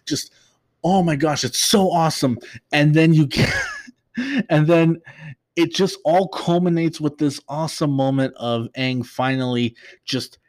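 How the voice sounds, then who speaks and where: A man's voice: fairly high pitch, a little slow, a little mellow. A young man hosting a casual recap show, talking in a loose, rambling way with many fillers and restarts. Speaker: podcast host.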